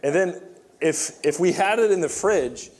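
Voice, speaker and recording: Young male pastor, lively self-mocking storyteller, voice a bit high. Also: a little slow. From Virginia. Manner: animated and self-mocking, with props. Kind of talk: sermon with storytelling.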